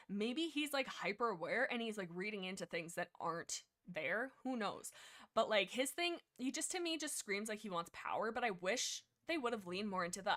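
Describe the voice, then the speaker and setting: A young woman hosting a livestream, talking in a casual, rambling way and jumping from point to point. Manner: rambling, jumps between points, lively swings in pitch. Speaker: livestream host discussing books.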